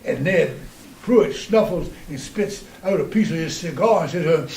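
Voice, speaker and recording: An earthy, salty storyteller, a man with a fairly high voice. He tells his story with plenty of drive. He is recorded in a roomy, echoey space from some distance. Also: expressive, a little slow, vocal fry, a little mellow. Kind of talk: spoken-word story monologue.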